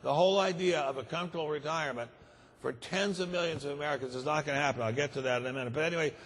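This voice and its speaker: A man's voice: fairly high pitch, rapid-fire, a bit bright, breathy edge, big-room sound. Grave older man giving a speech. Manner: grave, emphatic, repeats words for stress. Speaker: conference speaker. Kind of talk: keynote speech. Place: large conference hall.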